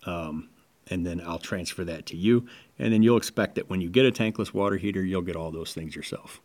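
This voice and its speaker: A man co-hosting a casual sales-training podcast, who talks animatedly and acts out sales pitches. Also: a little fast, a little mellow. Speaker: podcast co-host.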